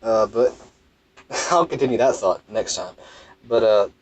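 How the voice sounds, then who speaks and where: A man's voice: on the low side, expressive, measured pace, rough recording. A tired young man from Mississippi, rambling wryly in a casual vlog from his parked car. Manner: rambling, self-interrupting, wry. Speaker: gaming vlogger. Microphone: phone.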